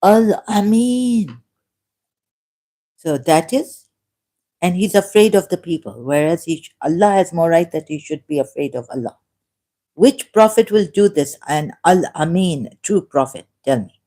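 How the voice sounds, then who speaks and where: A woman speaks unscripted on her livestream in a low, mellow voice. She talks slowly and haltingly. She often breaks off to correct herself and laughs along the way. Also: animated. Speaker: livestream host.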